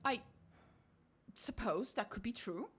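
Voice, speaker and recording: A woman voicing a pompous, fussy female scholar of souls, speaking briskly and clinically in a self-important tone. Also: a little high, animated, fairly bright tone, husky, exaggerated voice.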